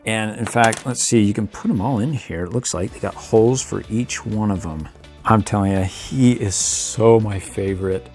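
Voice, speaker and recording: A man's voice: lowish voice, normal speed, a little mellow, soft background music. A middle-aged man hosting a casual toy review, playful and chuckling, making little sound effects as he poses figures. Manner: playful, chuckling, makes sound effects while posing toys.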